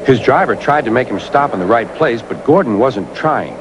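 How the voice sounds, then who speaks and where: A man narrating a storybook tale for a children's show, in an expressive, gentle way. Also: medium pitch, moderate pace, background noise.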